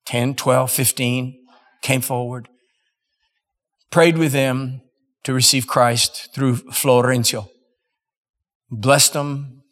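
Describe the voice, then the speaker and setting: Slow-speaking preacher in a reverberant hall. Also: male voice, medium pitch, fairly even intonation, fairly bright tone. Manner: dramatic, emphatic pauses. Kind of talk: sermon storytelling. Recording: long reverb in a large hall.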